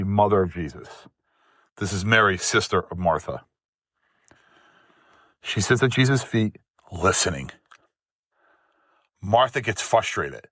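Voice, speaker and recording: A man's voice: on the low side, a bit bright, no room sound, clean studio sound. A man hosting a faith-based motivational monologue, speaking emphatically in rhythmic lists of short phrases. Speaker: host.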